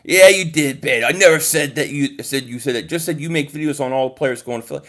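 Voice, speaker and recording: A man hosting a casual sports livestream, talking straight to viewers, animated and swearing freely. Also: medium pitch, brisk. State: groggy from a nap. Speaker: livestream host reading chat.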